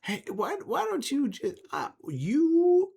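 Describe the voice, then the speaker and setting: A man's voice: very high-pitched, wildly swooping pitch, slow, gravelly, darkish tone, voice pushed up, exaggerated voice. A man voicing Mock, a nervous, flustered male adventurer who stammers and breaks off mid-word. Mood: hesitant.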